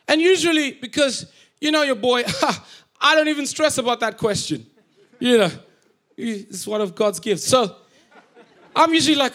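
A male preacher with a notably high voice delivers a humorous sermon in a church. He tells a story with animated, joking energy, slipping in and out of quoted voices. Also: normal speed.

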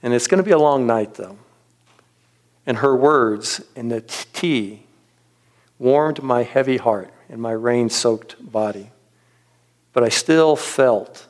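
A middle-aged man giving a reflective sermon, telling a personal story in a gentle, earnest way with frequent pauses. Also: medium pitch. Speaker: pastor.

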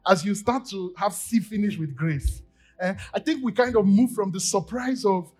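A Nigerian man preaching a sermon in church, acting out little scenes in quoted voices and swinging from loud bursts to quiet asides. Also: high-pitched, normal speed, soft background music. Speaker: pastor. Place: church service.

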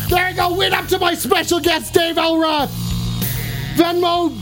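Very high-voiced, excitable male streamer. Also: unhurried. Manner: excitable, heavy swearing, hype shout-outs. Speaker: livestream host. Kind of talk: live stream sign-off. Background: music.

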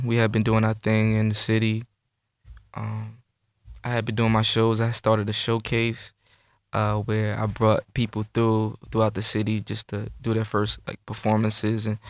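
A man, a rapper guest telling his story in a relaxed, slangy way. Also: lowish voice, no echo, clean studio sound. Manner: relaxed, laid-back recounting with slang. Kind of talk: casual interview chat.

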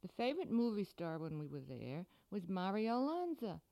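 A middle-aged woman author from the United States, giving a scripted radio talk with dry, deadpan humor. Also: mid-range voice, normal speed, muffled recording.

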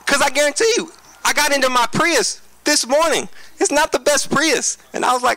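Earnest man preaching in a bright voice. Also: very high-pitched, animated, poor audio. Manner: earnest, emphatic, addresses listeners directly; quick preaching with frequent restarts. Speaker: pastor. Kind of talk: conversational sermon.

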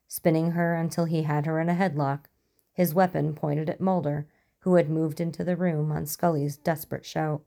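Low-voiced woman reading a story. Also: mellow. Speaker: narrator. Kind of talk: storytelling narration.

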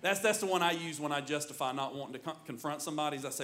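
A middle-aged man preaching a sermon as pastor, in an animated, joking storytelling manner. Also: a little high, very fast.

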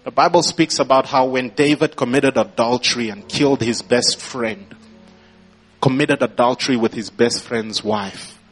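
A man's voice: medium pitch, moderate pace, husky, faint music behind. A man preaching a sermon as pastor, prompting the congregation and rising into emphatic bursts.

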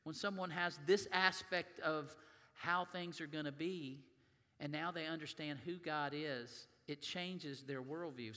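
A pastor preaches to his congregation, reading scripture and then talking it through in an easy, conversational way. His voice sits a little high and bright, and it rings with a long reverb in the church sanctuary. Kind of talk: sermon.

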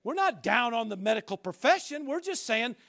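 A man preaching a sermon as pastor, emphatic, with repeated rhetorical questions that build up to shouting. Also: very high-pitched, sing-song, brisk.

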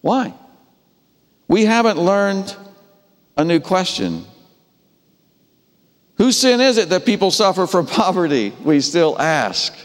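A man preaching a sermon, telling the story with animated delivery and acting out the characters' voices. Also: high-pitched, slow pace, long pauses, in a large hall. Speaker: pastor.

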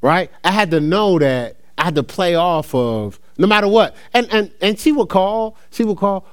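A man's voice: high voice, expressive, moderate pace. A middle-aged man from New Jersey preaching a sermon as a laid-back story, laughing often and calling the crowd y'all. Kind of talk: sermon with personal stories.

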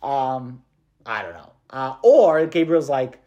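A man's voice: medium pitch, animated, slow, warm tone, dull audio. A male priest preaching a meditation to students in a casual, chatty way, with slang and laughter.

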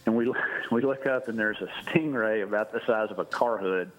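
A man's voice: fairly low pitch, normal speed, a bit bright, soft background music, rough recording. A man casually telling a long fishing anecdote on a podcast, laughing as he rambles. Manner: rambling, laughing storyteller with restarts. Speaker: guest storyteller.

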